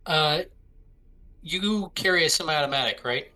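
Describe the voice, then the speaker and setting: A man's voice: a little high, measured pace, pushed and bright. A man playing a tabletop game, casually laying out his character's plan in detail. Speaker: player.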